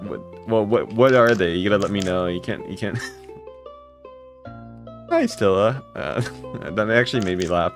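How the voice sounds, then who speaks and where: A young man streaming live, greeting his chat and thanking viewers for gifts, with his voice jumping high when he gets excited. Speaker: livestreamer. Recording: music playing behind.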